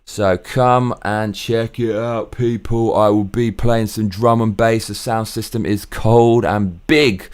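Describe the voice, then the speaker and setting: A man with a somewhat low voice, chatting to camera in a loose, rambling monologue. He bounces from thought to thought with excitable bursts and casual swearing, recorded at home. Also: slow, few pauses, clear, resonant tone. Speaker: vlog host.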